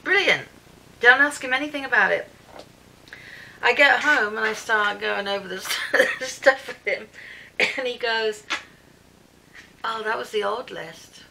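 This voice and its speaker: Gravelly bright-voiced British woman vlogging. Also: fairly high pitch, unhurried, long pauses, a little hiss or hum, rough recording. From Britain. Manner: chatty, animated storytelling with reported speech. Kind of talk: casual vlog rant recounting her day. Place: at home. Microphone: camera.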